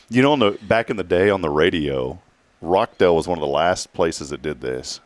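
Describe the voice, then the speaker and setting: A man's voice: sits low, expressive, no room sound. A man hosting a casual morning radio show, telling stories and laughing often. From Texas. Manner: storytelling, laughs often, drawn-out asides.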